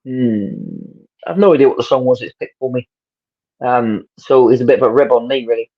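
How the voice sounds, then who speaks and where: A wrestling promoter from England, speaking with an English accent, tells stories as an interview guest in a medium-pitched, brisk voice over dull-sounding audio. He brings his anecdotes to life by animatedly performing the people he quotes.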